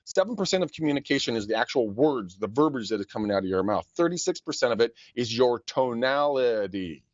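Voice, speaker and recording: A man of middle pitch hosts a loose coaching chat, his voice rising and falling a lot as he jokes and acts out phone calls. The sound is dry and close, with a slightly dull, lo-fi tone. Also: big pitch swings, quick pace, no room sound. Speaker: podcast host.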